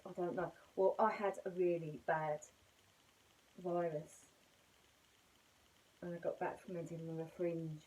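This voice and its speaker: A woman's voice: medium pitch, dark tone, poor audio. A middle-aged woman teaching yoga basics at home, chatty, rambling and self-mocking. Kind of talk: casual spoken lesson.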